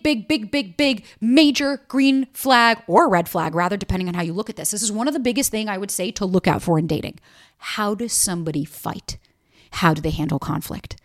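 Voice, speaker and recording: Blunt, animated woman podcaster. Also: a little high, no room sound, studio quality. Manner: blunt and animated, swears freely, mimics people in quotes. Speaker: podcast host. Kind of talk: casual solo podcast advice.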